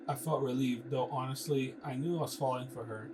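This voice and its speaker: A man's voice: medium pitch, steady tone, a little fast, hardly any pauses. A man casually reading a novel aloud, breaking off for sarcastic asides about the writing. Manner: sarcastic asides, mocking the text. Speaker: reader. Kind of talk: casual book reading with commentary. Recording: distant mic with background noise.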